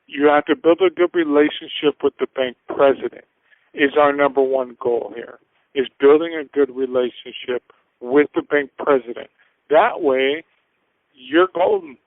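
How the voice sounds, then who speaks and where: A man's voice: medium pitch, moderate pace, dry recording. A man talking as a guest on a radio show, earnest and casual, giving step-by-step business advice. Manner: earnest, acts out little scenes in voices. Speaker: finance guest. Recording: tinny phone-like dry sound.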